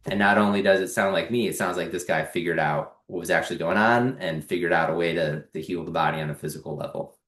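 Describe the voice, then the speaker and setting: A man's voice: low-pitched, fast talker, few pauses, slight background noise. A man, a podcast guest, earnestly telling his personal story and acting out what people said to him. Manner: earnest, animated storytelling with quoted dialogue. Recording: echoey room.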